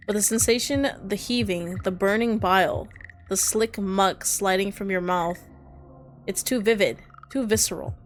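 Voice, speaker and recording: A woman streamer reads a grim horror game out loud with a dramatic tone, now and then breaking off with startled reactions. She speaks slowly and deliberately. Soft game music plays underneath her voice. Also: mid-range voice. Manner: dramatic reading broken by startled asides. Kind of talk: reading a horror visual novel aloud.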